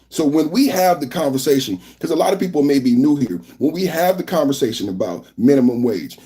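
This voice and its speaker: A man from San Francisco hosting a live political podcast, talking loudly and animatedly as he reads out the chat. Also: mid-range voice. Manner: loud and animated, reading chat aloud. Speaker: podcast host. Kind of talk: live-stream political commentary.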